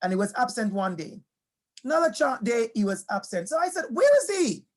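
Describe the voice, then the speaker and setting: A man's voice: sits high, lively intonation, brisk. A man giving a motivational talk to teachers, weaving in personal stories, emphatic and repeating key phrases, asking questions and speaking straight to his audience.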